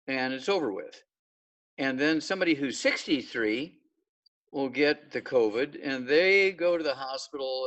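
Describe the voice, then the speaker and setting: A man delivers an informal lecture on a group call, folksy and emphatic. He keeps punctuating his points with "okay". His voice comes across distant, as if he is sitting well back from the mic, at an ordinary middle pitch. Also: fairly bright tone, lo-fi sound. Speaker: guest lecturer.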